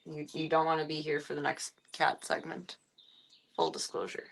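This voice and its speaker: A woman's voice: low voice, very animated, normal speed, gravelly, slight background noise. Woman cooing over a foster cat. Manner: coos and baby-talks to the cat between chatty asides. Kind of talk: casual live-stream chat.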